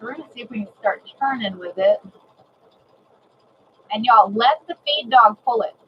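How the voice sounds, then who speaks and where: A woman giving a live sewing demonstration, chatty and excitable, repeating herself and greeting viewers. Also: a little high, normal speed, lo-fi sound, a little hiss or hum. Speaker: sewing instructor.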